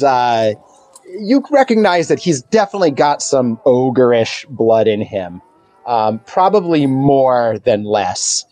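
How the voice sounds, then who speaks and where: A man's voice: medium pitch, a little mellow. A man narrating as game master of a tabletop game, rambling with lots of fillers.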